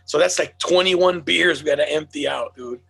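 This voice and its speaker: A man on a comedy podcast, chatting casually and profanely with quick reactions. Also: fairly high pitch, creaky, a bit bright. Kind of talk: casual chat.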